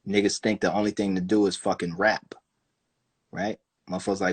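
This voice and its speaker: A man talking casually on a phone livestream, animated and profane, acting out other people's voices as he goes. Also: low voice, brisk, husky. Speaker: livestream host.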